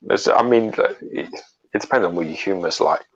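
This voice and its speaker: A man's voice: deep voice, normal speed. A man co-hosting a casual chat, blunt and swearing often. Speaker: co-host. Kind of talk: casual chat about collectible statues. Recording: dull lo-fi audio.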